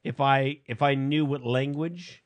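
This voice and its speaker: A man's voice: medium pitch, steady tone, a little slow. A man co-hosting a podcast, joking about himself in casual chat. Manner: self-deprecating, jokey.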